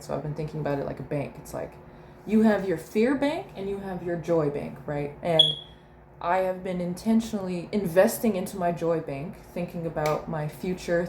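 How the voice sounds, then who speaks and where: Her voice is on the low side with a darkish tone as this young mother talks through her reflective video diary. She meanders, searches for the right words, and laughs often, all in a roomy, echoey space with faint room noise.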